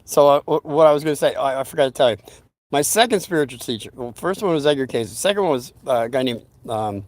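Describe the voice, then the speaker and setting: Fast and expressive, a man with a medium-pitched, darkish voice tells a meandering story on his own channel, recorded with no room sound. His casual, folksy storytelling often veers into asides.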